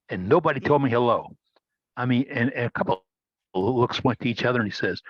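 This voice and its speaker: A man's voice: medium pitch, fast, no echo. Rambling man on a dry, dull video call. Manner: rambling storyteller with restarts. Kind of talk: casual video-call chat.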